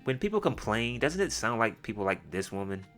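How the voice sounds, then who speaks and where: A man with a very deep voice delivers crude, mocking reaction commentary. He is blunt and sarcastic throughout. Quiet music sits behind him. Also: sing-song, a little fast. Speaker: commentary host. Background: faint background music.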